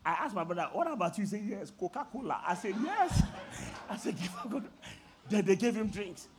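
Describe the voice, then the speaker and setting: Lively high-voiced preacher. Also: male voice, brisk. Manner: animated, laughing, shouts at peaks. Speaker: pastor. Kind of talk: storytelling sermon.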